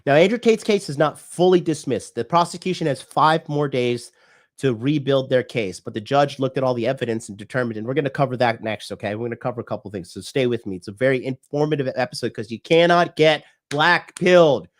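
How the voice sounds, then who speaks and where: A man from the United States, a dating coach hosting a livestream, talking in a blunt, profane, preachy rant. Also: fairly high pitch.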